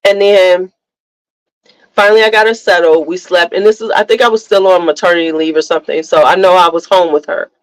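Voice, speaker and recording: A woman's voice: on the low side, steady tone, brisk, dry recording, poor audio. A middle-aged woman hosting a casual motivational talk, speaking emphatically and candidly, repeating her points for stress. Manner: candid storytelling. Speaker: host.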